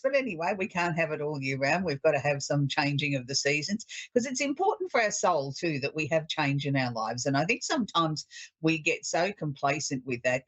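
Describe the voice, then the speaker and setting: Australian woman, psychic radio host, solo chat, reflective and encouraging. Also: sits low. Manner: chatty, reflective, uplifting.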